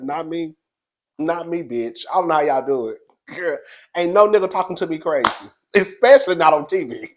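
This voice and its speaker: A man hosting a reality TV recap, talking in a brash, sassy, profane way and laughing often as he gossips. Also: on the high side. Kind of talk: casual gossip commentary.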